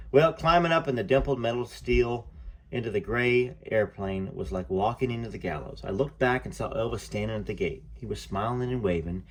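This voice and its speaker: A man's voice: lowish voice, fairly quick. A man reading a memoir aloud as a channel host, chatty, with fillers and self-corrections. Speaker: book reader and channel host.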